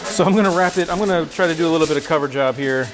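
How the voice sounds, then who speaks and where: Streamer-chef: a man with a slightly high voice, jokey and chatty, music playing behind him. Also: very fast. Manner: joking, chatty, talks to himself while cooking. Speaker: livestream cooking host. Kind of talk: casual livestream chat. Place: home kitchen.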